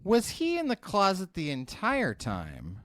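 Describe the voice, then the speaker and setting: A man's voice: high voice, a little slow, no echo, studio quality. A man co-hosting a podcast, chatting casually and jokingly about a movie. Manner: animated, chatty, joking asides. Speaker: podcast co-host. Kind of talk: casual chat reviewing a movie.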